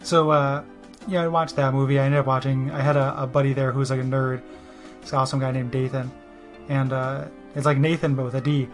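A man's voice: mid-range voice, little pitch movement, fairly quick, soft background music. A man telling a personal story in a rambling, self-deprecating way, full of "you know" and restarts. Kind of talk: casual spoken monologue.

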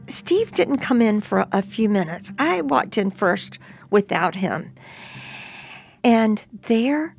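An older woman telling her own story in an interview, lively and animated as she acts out what was said. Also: medium pitch, vocal fry. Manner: lively, animated retelling with voiced quotes. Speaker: storyteller guest.

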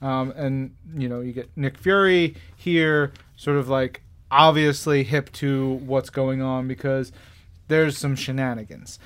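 A man's voice: medium pitch, fairly even intonation, unhurried, a bit bright, smooth. A man hosting a podcast, chatting casually and enthusiastically about comics, rambling with lots of fillers. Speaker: podcast host.

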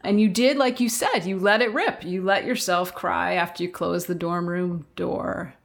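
A woman's voice: lowish voice, steady tone, moderate pace, creaky. A middle-aged woman co-hosting a podcast, reflecting on parenting and summing up advice. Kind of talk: podcast co-host conversation.

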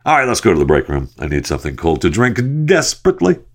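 A man's voice: deep voice, wildly swooping pitch, fast. A man hosting a solo podcast, reading news stories and adding rambling, sarcastic asides with lots of fillers. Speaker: podcast host. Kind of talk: casual solo news commentary.

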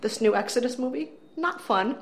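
A woman co-hosting a casual film review chat, wry and animated, poking fun at the movie. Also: on the high side, moderate pace. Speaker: film critic co-host.

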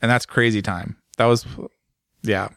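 A man's voice: medium pitch, a little slow, no room sound. Easygoing podcast guy musing and cracking jokes, dry close sound. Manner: relaxed, musing, jokey. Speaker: podcast co-host. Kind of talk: casual chat.

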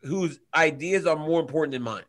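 A man's voice: fairly high pitch, fairly quick, fairly bright tone. A man from Louisiana co-hosting a podcast in casual chat, teasing and laughing a lot. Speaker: podcast co-host.

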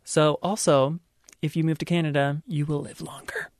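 A woman's voice: low-pitched, steady tone, moderate pace, darkish tone, dry recording, clean studio sound. A woman hosting a casual chat podcast, playfully telling facts like a story and laughing often. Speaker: podcast host.

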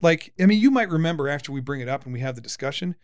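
Lively teasing father in his forties. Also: fairly high pitch, rapid-fire, smooth, no room sound, clean studio sound. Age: 40s. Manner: lively, teasing, with frequent restarts. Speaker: podcast host, father. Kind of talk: casual conversational podcast.

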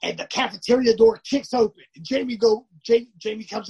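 A man's voice: sits high, a little fast, creaky, a little mellow, slightly rough, lo-fi sound. A man, a professional wrestler as a guest, telling stories casually. He rambles, restarts often and acts out the lines of others. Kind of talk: casual storytelling.

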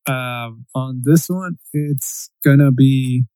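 A man in casual chat, ranting in an animated, profane way and mimicking quotes in a raised voice. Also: medium pitch, slow, no room sound, poor audio.

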